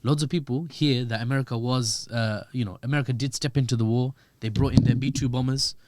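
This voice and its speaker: A man, a podcast guest giving animated, joking analysis with quick asides. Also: mid-range voice, very noisy. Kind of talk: podcast discussion.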